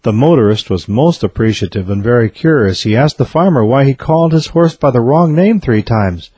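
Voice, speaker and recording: A man reading a series of jokes aloud in a steady storytelling delivery. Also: medium pitch, a little fast, slightly rough, dry recording. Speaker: joke teller.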